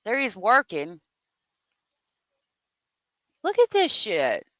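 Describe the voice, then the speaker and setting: A woman's voice: mid-range voice, huge pitch swings, very slow, fairly bright tone, no echo, low-quality recording. A woman hosting a true crime commentary show, talking off the cuff in a profane, exasperated rant.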